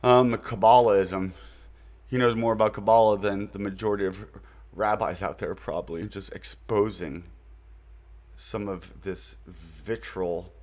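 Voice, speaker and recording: Slow, low-voiced man rambling casually. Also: fairly even intonation, darkish tone. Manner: rambling, with fillers and mild slang. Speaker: channel host introducing his website. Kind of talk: casual unscripted monologue.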